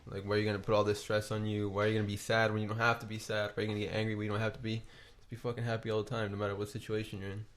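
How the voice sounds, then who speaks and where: A man's voice: lowish voice, monotone. A young man co-hosting a podcast, talking earnestly and casually with lots of fillers. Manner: quick, earnest, full of fillers. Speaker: podcast co-host. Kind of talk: casual chat.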